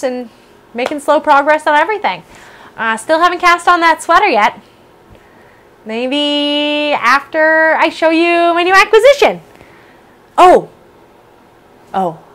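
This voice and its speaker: A woman chatting on her own podcast in a loose, rambling, self-deprecating manner. Her voice sits a little higher than most. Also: a bit bright. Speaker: podcast host. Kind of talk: casual chat. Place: home basement room with space heater.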